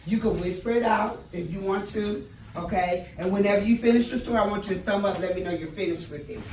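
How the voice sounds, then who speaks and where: A woman teacher leading a classroom phonics lesson, calling out prompts and praise to her students. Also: mid-range voice. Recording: echoey, distant classroom with loud noise.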